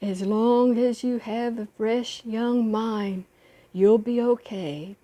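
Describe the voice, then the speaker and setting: A kindly, magical old man, as a woman puts him on, calm and reassuring. He talks slowly with a mellow tone. The voice sits a little high for a woman.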